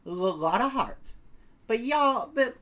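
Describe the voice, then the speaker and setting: A sassy young Southern woman photographer, as a woman with a Southern accent puts her on. She drawls and trips over a stutter, with lively swings in pitch. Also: slow, slight background noise.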